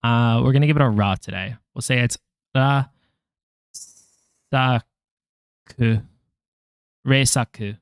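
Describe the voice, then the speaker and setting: A man who vlogs about learning languages drills flashcards slowly, mocking himself as he goes. He mutters syllables, chats to his viewers, and makes self-deprecating jokes in casual self-talk. His mid-range voice sounds clean in a studio recording with no room sound.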